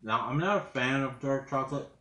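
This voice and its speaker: A man with a medium-pitched, sharp-toned voice talks a little fast in his home kitchen while eating for a casual food review vlog. His delivery is rambling and hesitant, full of fillers, and the room is reverberant.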